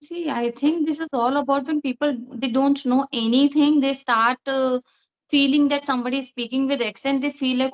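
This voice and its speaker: A woman with an Indian English accent speaks confidently as a guest in a casual discussion. Her voice sits a little high, and she argues her view with a few fillers. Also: normal speed, poor audio. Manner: confident, opinionated, some fillers. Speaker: guest, advocate.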